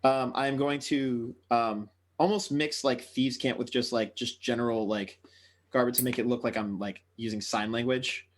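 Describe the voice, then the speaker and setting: A man's voice: mid-range voice, fairly even intonation, normal speed. A man playing in a tabletop game, talking casually and hesitantly, with frequent swearing. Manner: hesitant, filler-heavy, swears. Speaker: player.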